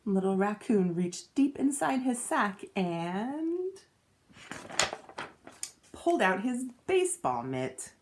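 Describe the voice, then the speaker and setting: A woman teacher reading a children's storybook aloud with expressive storytelling. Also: medium pitch, takes it slowly, pauses often, a little hiss or hum.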